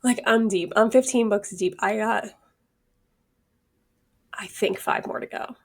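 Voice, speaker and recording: A woman co-hosting a podcast in casual chat, animated and dramatic, acting out her own reactions. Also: mid-range voice, unhurried, vocal fry. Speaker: podcast co-host.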